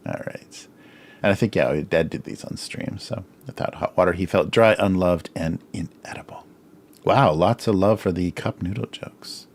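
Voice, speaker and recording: A man's voice: low-pitched, normal speed, vocal fry. A middle-aged man hosting a casual drawing livestream, musing over his old cartoons with frequent chuckles and self-deprecating remarks, his voice a little strained.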